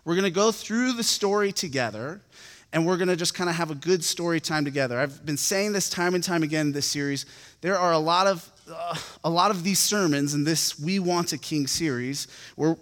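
A man with a high voice delivers a sermon in the loose, chatty manner of someone telling a story, full of casual fillers. His voice rings out with a long reverb, as in a church hall. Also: fairly quick, a bit bright. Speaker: pastor.

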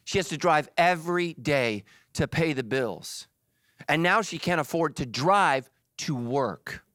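A middle-aged male pastor preaching with a high, bouncing voice that leaps up and down. He jokes with the congregation and slips into quick put-on voices. The sound is close and dry. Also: dry recording. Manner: animated and joking, acts out quick quoted voices. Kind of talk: energetic sermon. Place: church.

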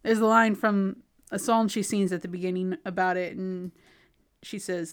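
A woman from California co-hosting a casual podcast chat, relaxed and quick to laugh. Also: mid-range voice, smooth. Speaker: podcast co-host.

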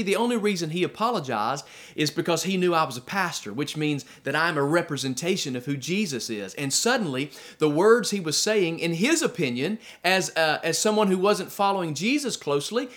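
A man preaching a sermon as pastor to his church, firing off rhetorical questions, slowing down to stress key phrases, and telling personal stories. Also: a little high, animated, a bit bright. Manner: conversational asides and personal stories.

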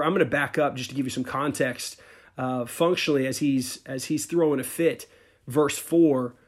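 A male pastor preaching a sermon, telling a Bible story in a conversational, animated way with casual asides. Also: medium pitch.

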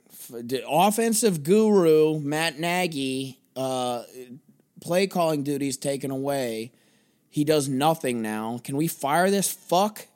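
A man's voice: on the high side, takes it slowly, a little mellow. Young dude ranting about football on his podcast, swears a lot, sarcastic, rambly. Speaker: podcast host. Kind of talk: solo sports podcast rant.

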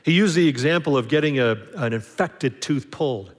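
A man's voice: a little high, moderate pace, long reverb tail. A man preaching a sermon in a conversational way, acting out little dialogues and often restarting his sentences. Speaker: pastor.

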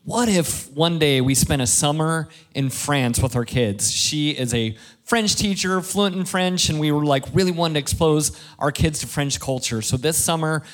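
A man in his thirties preaches from the pulpit like he is chatting with friends. His fairly high voice moves between playful asides and earnest points, full of jokes at his own expense. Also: normal speed, few pauses. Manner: conversational, playful storytelling with self-deprecating jokes. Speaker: pastor. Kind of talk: sermon.

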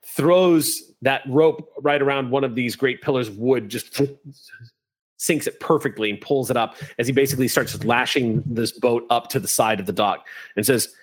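As game master of a tabletop role-playing game, a man with a mid-range voice narrates and describes scenes at an unhurried pace, cursing now and then.

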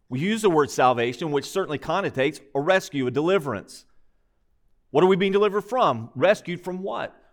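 A pastor delivers a sermon in a lively, higher-pitched voice. He preaches with emphasis and measured pacing, posing rhetorical questions.

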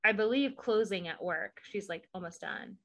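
A woman from the US South co-hosting a podcast, recapping a TV episode in animated, chatty talk full of "like" and "um". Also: mid-range voice, moderate pace. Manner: chatty and animated, laughs often, leans on "like" and "um". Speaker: podcast co-host. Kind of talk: casual chat, recapping a TV show.

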